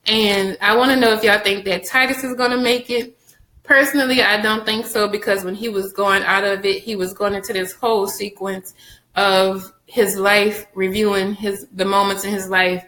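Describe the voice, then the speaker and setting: A woman recapping a TV episode for her viewers, chatty and animated, addressing them directly and laughing often. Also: mid-range voice, moderate pace, roomy sound, poor audio. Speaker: TV show reviewer.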